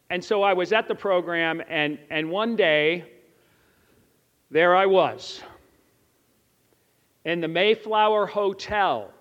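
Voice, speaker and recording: A man giving a chapel sermon, telling a personal story and putting earnest questions to his listeners. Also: high voice. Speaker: chapel speaker. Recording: echoey hall, slightly dull.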